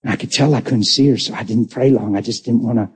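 A middle-aged man preaching a sermon, emphatic and repetitive, at times leaping into excited, high exclamations. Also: fast talker, breathy edge.

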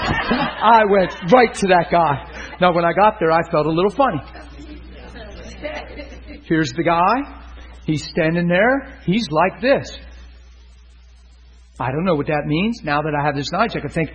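A man's voice: on the high side, lively intonation, unhurried, long pauses, highs cut off. A man preaching a storytelling sermon, acting out the dialogue with laughter.

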